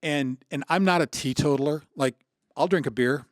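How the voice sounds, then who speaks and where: A man's voice: a little high, normal speed, no echo, clean studio sound. A man in his sixties from Michigan, a podcast guest telling stories in an earnest, reflective way with many restarts. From Michigan, USA. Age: 60s. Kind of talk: conversational storytelling.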